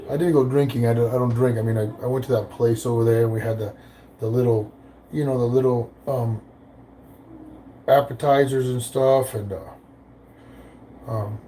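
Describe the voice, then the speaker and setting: A man's voice: mid-range voice, steady tone, normal speed, long pauses, dark tone. Male vlogger, rambling casual chat over cooking, noisy kitchen. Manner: rambling, many fillers and restarts. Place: home kitchen. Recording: noisy room ambience.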